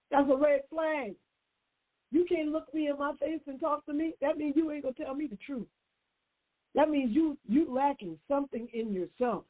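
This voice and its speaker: A woman advice-show host with a somewhat high, husky voice. She speaks emphatically and preaches to her listeners, driving home her points by repeating them. The sound is thin and tinny, like a phone line. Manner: emphatic and preachy, repeats key phrases, talks straight to listeners. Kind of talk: direct-address advice talk.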